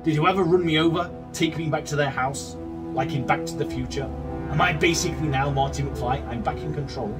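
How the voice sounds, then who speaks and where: A gaming video creator plays a horror game and narrates it in a fairly high, brisk voice, cursing nonstop and arguing back at the game in agitation. It's let's play commentary, picked up on a distant mic with faint game music.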